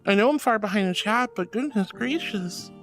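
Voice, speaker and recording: A woman streaming live on a headset mic, chatting casually and reading chat aloud in a playful, animated, teasingly indignant way. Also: medium pitch, moderate pace, faint music behind.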